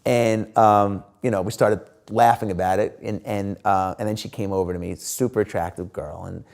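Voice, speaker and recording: Man, middle-aged, lowish voice, chatty storyteller, lots of "you know" and "like", quotes people in dialogue. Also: steady tone, moderate pace, vocal fry, a little mellow. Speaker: interview guest. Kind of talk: casual storytelling.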